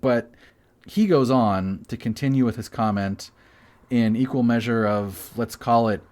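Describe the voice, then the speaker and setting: A man's voice: mid-range voice, unhurried, a little mellow. A man co-hosting a casual chat podcast, explaining a topic, joking and reading quotes aloud. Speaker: podcast co-host.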